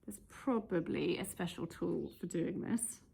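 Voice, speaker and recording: Working away in a messy workshop, a female DIY vlogger chats through her project, half talking to viewers and half muttering to herself. Her voice is on the low side, mellow and husky with vocal fry, and her pace is a little slow.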